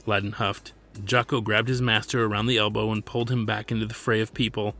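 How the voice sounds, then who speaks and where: A man's voice: on the low side, fairly even intonation, fairly quick, creaky, a bit bright, soft background music. A man narrating his own science fiction serial as an audiobook, reading steadily.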